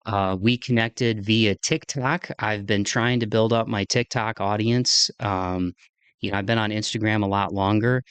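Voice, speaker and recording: A man's voice: fairly low pitch, fairly even intonation, a little slow, a bit bright, clear, resonant tone, dry recording. A man hosting his podcast from his kitchen, telling a story in a rambling, chatty way full of fillers. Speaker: podcast host. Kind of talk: casual solo monologue. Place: home kitchen.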